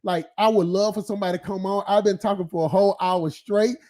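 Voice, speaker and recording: High-voiced man ranting profanely. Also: fairly even intonation, fast talker, a little mellow. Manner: profane, rambling, laughs often, filler-heavy. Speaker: live stream host. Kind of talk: casual ranting monologue.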